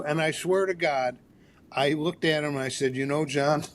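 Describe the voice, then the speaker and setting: Older guy therapist telling a story, acts out the lines, kinda high voice. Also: normal speed. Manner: animated storyteller, acts out dialogue. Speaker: guest therapist. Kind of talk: storytelling in a podcast interview.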